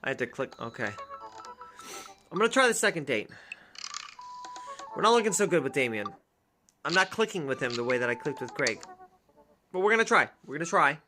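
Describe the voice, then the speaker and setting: A woman's voice: sits low, big pitch swings, fairly quick, pauses often, pushed and bright, soft background music. A woman streamer chatting casually and musing aloud to her chat as she plays a dating game. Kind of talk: casual gameplay commentary.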